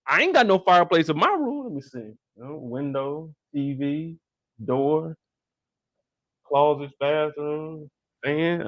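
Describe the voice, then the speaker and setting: Young man, slangy recap host, fairly high voice, dry close sound. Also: slow pace, dry recording. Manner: animated, slangy, profane banter. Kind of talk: casual live after-show recap.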